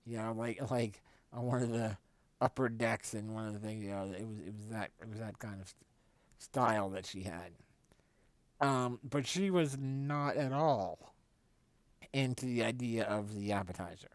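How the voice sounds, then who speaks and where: A man's voice: on the low side, normal speed, no room sound. A man hosting a live stream, telling a casual, rambling story and correcting himself often. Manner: rambling, self-correcting, animated when quoting others.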